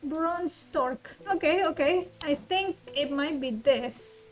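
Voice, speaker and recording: A woman's voice: high voice, slow, faint music behind, poor audio. A woman thinking aloud through a blind playthrough of a puzzle game. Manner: thinks aloud, muses softly. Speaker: game streamer.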